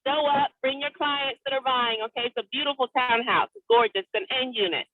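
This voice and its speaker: Woman, quick and polite, calling in from her car, thin dry phone sound. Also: high voice, dry recording. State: driving. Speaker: real estate agent on a team call. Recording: tinny dry phone line.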